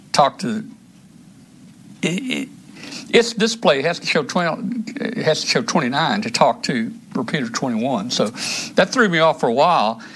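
A man's voice: mid-range voice, a bit bright, a little hiss or hum. Rambling man hosting a radio stream. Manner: rambling, hesitant, many restarts and fillers. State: out of breath. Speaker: show host demonstrating radios. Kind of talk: casual live-stream chat.

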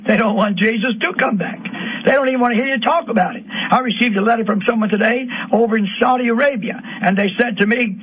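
A man's voice: very high voice, quick pace, few pauses. A man preaching an impassioned sermon on the radio, rising to emotional peaks. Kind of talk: fiery sermon. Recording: dull lo-fi radio broadcast.

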